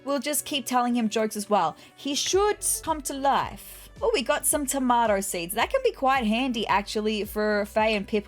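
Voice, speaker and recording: A woman giving casual, chatty commentary while playing a video game, talking straight to her viewers and wearing her feelings openly. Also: medium pitch. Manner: chatty, addresses viewers directly, emotional, near tears at times.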